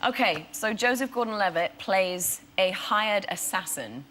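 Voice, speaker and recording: A young woman, an actress guest on a chat show, telling stories in an animated way and laughing often. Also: medium pitch, measured pace, a little hiss or hum. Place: television studio.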